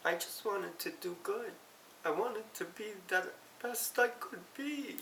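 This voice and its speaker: Middle-aged woman, slow and halting emotional confession on the verge of tears; distant mic in an echoey room. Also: mid-range voice, animated, vocal fry. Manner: halting, tearful, self-correcting. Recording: roomy, distant mic, faint hiss.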